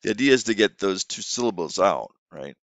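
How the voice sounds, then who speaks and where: Low voiced guy teaching english online, bouncy delivery, keeps restarting his sentences. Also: animated, a little fast, a bit bright, no echo. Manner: casual explanatory talk with frequent restarts. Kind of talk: instructional teaching tips video.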